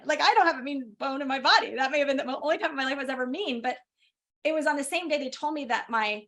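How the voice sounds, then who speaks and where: Animated middle-aged woman telling her story. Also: high voice, fast talker. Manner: animated storytelling, lively laughs. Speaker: guest speaker, physician. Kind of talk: personal story in a webinar.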